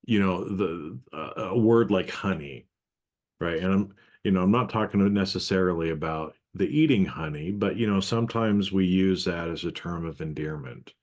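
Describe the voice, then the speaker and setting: Deep-voiced man musing on a podcast. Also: a little mellow. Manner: reflective, speaks in short halting phrases. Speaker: podcast co-host. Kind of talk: casual podcast conversation.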